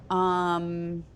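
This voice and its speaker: A woman's voice: lowish voice, a little hiss or hum. A middle-aged woman, a psychic medium addressing a live audience in a chatty, emphatic way. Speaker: psychic medium leading a group reading.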